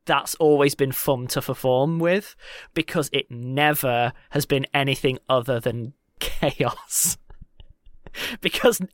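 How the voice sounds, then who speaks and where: A man co-hosting a casual podcast Q&A, animated and teasing, quick to laugh. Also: mid-range voice, no echo, clean studio sound. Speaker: podcast co-host.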